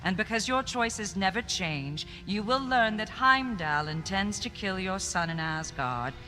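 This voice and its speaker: A woman's voice: mid-range voice, lively intonation, bright, forceful tone. A woman playing a haughty fate-weaving seer. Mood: mocking. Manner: cold, mocking, slow pronouncements. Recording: echoey with music behind.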